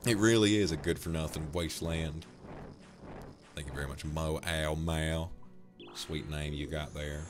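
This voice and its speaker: Deep-voiced man in affectionate chat. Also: steady tone, measured pace, music in the background. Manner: affectionate and teasing, calls viewers darling. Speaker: streamer. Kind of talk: casual chat reading viewer donations.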